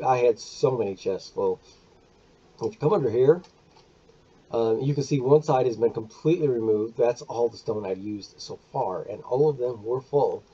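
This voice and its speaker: A man talks through a game build in a casual, chatty way, counting out loud and catching his own mistakes. His voice is dark and a little husky. The recording sounds dull and lo-fi. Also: mid-range voice. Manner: chatty, counts aloud, corrects himself. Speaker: gaming video creator. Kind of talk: casual gameplay walkthrough.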